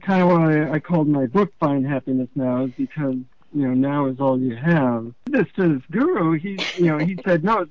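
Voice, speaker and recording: A man, an author being interviewed, tells stories in a relaxed, halting way with fillers. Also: fairly high pitch, no room sound. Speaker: author guest. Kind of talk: storytelling interview answers. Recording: dull lo-fi radio sound.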